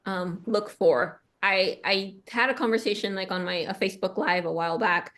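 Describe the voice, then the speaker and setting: A woman's voice: mid-range voice, moderate pace, a bit bright. Chatty bilingual woman telling stories. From Mexican-American. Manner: storytelling with many fillers, bilingual asides. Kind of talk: casual chat.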